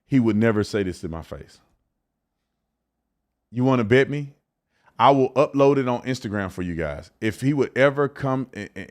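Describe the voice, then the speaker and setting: A man hosting a commentary show, talking bluntly and repeating words as he reacts to clips. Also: lowish voice. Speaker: show host.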